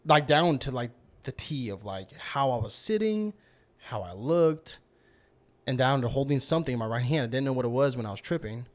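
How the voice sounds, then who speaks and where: A man's voice: medium pitch, expressive, moderate pace. A man telling a long personal story on a podcast as the guest, rambling with lots of "you know" and "like". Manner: rambling, heavy use of fillers like "you know". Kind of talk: casual storytelling.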